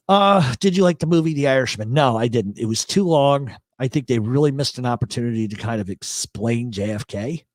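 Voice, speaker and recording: Lively, profane male livestream host. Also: medium pitch, brisk, hardly any pauses, no room sound. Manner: rambling, profane, joking. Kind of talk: casual livestream chat reading comments. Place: apartment in a big city.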